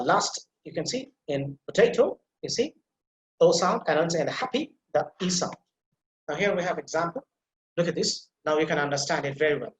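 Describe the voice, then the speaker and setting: A man's voice: fairly high pitch, reverberant, poor audio. A man teaching a pronunciation class on a video call, explaining patiently with many fillers and repetitions.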